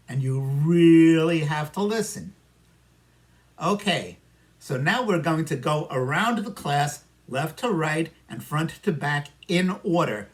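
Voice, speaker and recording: A man with a New York accent teaching an English listening lesson, talking patiently to students and echoing their answers. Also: a little high. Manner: slow, patient, talks to imagined students and answers for them. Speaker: ESL teacher. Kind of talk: simulated classroom micro lesson.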